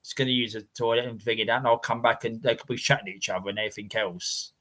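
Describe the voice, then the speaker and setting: A man's voice: medium pitch, fairly even intonation, racing, bright, forceful tone. An English man hosting a casual live stream chat, rambling and repeating his words as he reads out viewer names. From England.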